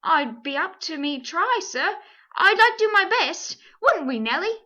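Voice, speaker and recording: A woman's voice: extremely high pitch, big pitch swings, unhurried, pushed and bright, muffled recording, exaggerated voice. A woman voicing a humble, plain-spoken male London cabman who talks in a bashful, homely way in a storybook reading. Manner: homely, bashful, folksy speech.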